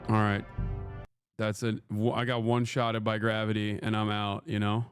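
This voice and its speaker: A man's voice: on the low side, completely flat delivery, normal speed, smooth, faint music behind. A man in his thirties streaming a game live, chatting casually in a profane, joking way and slipping into a mock "lad" voice. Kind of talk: casual live-stream chat while gaming.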